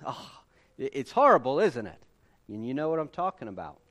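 A man preaching a sermon with animated delivery and emphatic repetition. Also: mid-range voice, moderate pace, pauses often. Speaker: pastor.

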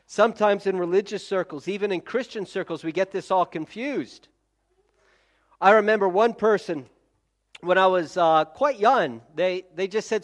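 A man's voice: high-pitched, moderate pace. A man preaching a conversational sermon as a pastor, talking straight to his listeners and often restarting his sentences. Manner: chatty, self-correcting, direct address to listeners.

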